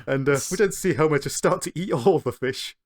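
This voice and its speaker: A man's voice: on the high side, fairly quick. A man co-hosting a podcast, recapping a cartoon episode in casual chat and chuckling between beats.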